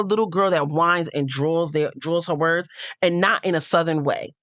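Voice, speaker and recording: A woman's voice: deep voice, normal speed, fairly bright tone, dry recording, studio quality. A woman hosting a casual show recap, blunt and opinionated, cursing freely as she comments. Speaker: reality show recap host.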